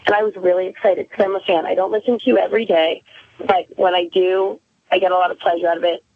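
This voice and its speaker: A woman's voice: lowish voice, flat delivery, fast, no room sound. A woman calling in to a radio interview, telling stories in a chatty, self-deprecating way over the phone. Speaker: phone-in guest. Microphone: telephone. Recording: tinny phone line on radio.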